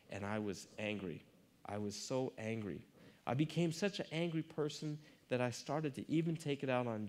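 A man's voice: medium pitch, a little mellow. Earnest man telling a personal story. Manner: earnest, emotional, confessional. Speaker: conference speaker.

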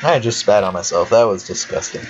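Low-voiced young man chatting over a game. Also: animated, brisk, music in the background. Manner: chatty, swears and laughs often, talks to himself. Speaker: let's player. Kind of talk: casual gameplay commentary. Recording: dull lo-fi home recording with faint hiss.

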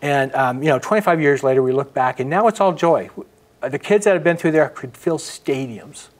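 A middle-aged man, a guest in an interview, earnestly telling a personal story and often dropping his voice to a hush. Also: on the high side, expressive, fairly quick. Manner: earnest, narrates with acted quotes and frequent hushed drops.

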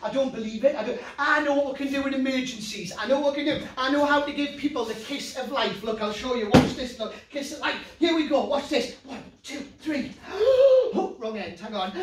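A man's voice: very high-pitched, fast talker, few pauses, fairly bright tone, roomy sound, recorded from a distance, a little hiss or hum. A man from North East England with a Geordie accent, doing a playful children's magic show and talking straight to the kids watching at home.

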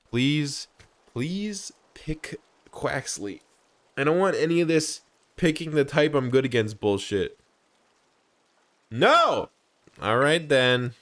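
Lively low-voiced man doing game commentary. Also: no echo. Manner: jokey, animated, often laughing. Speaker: gaming YouTuber. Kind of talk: let's play commentary.

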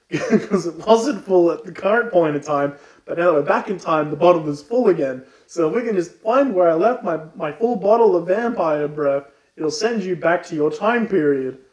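A man's voice: high-pitched, animated, normal speed, darkish tone. Man doing a forgetful old vampire count. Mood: exasperated. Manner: bumbling, theatrical. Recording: roomy echo.

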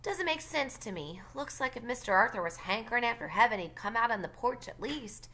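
A woman's voice: a little high, animated, brisk, pushed and bright, a little hiss or hum. A woman voicing a feisty, outspoken young girl who talks back indignantly. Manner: indignant and defiant.

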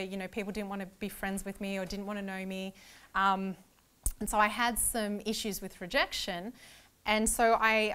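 A woman giving an earnest church lecture on Bible meditation, stressing key words again and again, and laughing easily when she gets excited. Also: medium pitch, clear, resonant tone. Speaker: Bible teacher.

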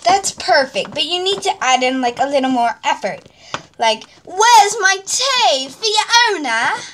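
A woman's voice: high-pitched, animated, moderate pace, slight background noise. A woman voicing a director mom who coaches actors and counts down cues. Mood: coaching. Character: brisk female show director, a mom.

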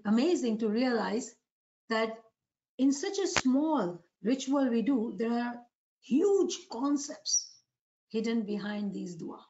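Woman preacher, high voice, muffled recording. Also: a little mellow. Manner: asks rhetorical questions to the audience. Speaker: religious preacher. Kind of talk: devotional sermon lecture.

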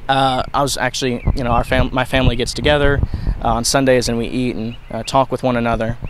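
Young man, mid-pitched, rambling lecture delivery with restarts, faint noise behind. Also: flat delivery, fast talker. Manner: rambling, with frequent restarts and fillers. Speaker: video lecturer. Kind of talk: unscripted explanatory talk.

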